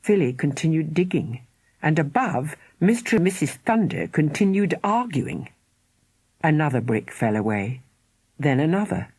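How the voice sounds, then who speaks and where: A woman narrating a children's audiobook in an expressive storytelling way, with dramatic pauses. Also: low-pitched, slightly rough, no room sound. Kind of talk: scripted narration.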